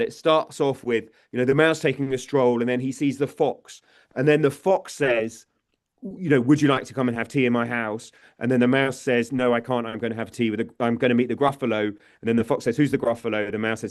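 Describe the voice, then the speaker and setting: A British man speaking as a guest researcher in a podcast interview. His voice sits at a middle pitch, and he thinks aloud with restarts, often checking in with "yeah?". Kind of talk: conversational explanation.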